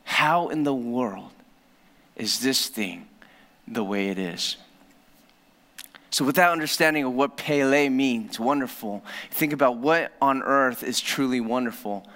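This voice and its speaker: A male pastor preaching a sermon, often dropping to a low, soft voice to stress a point. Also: unhurried. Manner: dramatic drops to a low soft voice for emphasis. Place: church hall. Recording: reverberant church hall.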